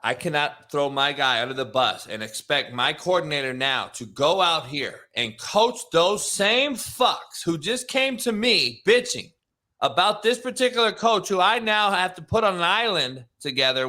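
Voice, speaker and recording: A man's voice: fairly high pitch, expressive, normal speed, sharp tone. A man hosting a sports talk show, speaking emphatically and profanely in a heated casual debate, often turning his points into questions. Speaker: show host and coach.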